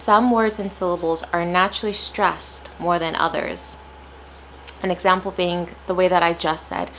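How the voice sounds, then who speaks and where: A woman's voice: fairly low pitch, little pitch movement, a little slow, fairly bright tone, slight background noise. A young woman with an American accent teaching English pronunciation, stretching out example words with exaggerated stress. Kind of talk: slow, deliberate pronunciation lesson.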